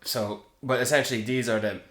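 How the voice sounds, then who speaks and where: A man co-hosting a film podcast, chatting casually in an animated, rambling way with frequent restarts. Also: mid-range voice, a little fast. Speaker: podcast co-host. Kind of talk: casual film review chat. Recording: roomy echo.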